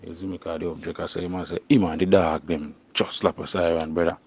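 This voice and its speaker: A young man with a Jamaican accent talks in thick patois during an informal interview. His voice sits low and a little husky. He keeps checking in with "you see me" and "you know" as he goes. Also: flat delivery, fast talker, a little mellow. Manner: tags phrases with "you see me". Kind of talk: casual street interview.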